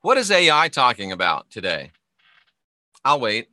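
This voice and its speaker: A man's voice: mid-range voice, wildly swooping pitch, measured pace, bright, forceful tone, no echo. A middle-aged man, a spiritual teacher and former minister, delivering an emphatic monologue full of repetition and rhetorical questions. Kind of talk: preaching-style video monologue.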